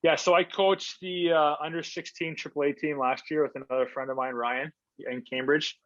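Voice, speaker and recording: A man's voice: a little high, fairly even intonation, normal speed, a bit bright, dry recording. A man, a former hockey player, telling stories in a casual interview, laid-back and rambling with lots of fillers. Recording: dull lo-fi remote audio.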